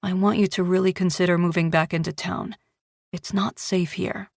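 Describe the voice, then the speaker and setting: A perpetually annoyed middle-aged ex-husband, curt and insistent. The voice sits fairly low and sounds dry and close, like a studio audiobook read. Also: female voice, flat delivery, normal speed, creaky, dry recording. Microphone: close studio mic.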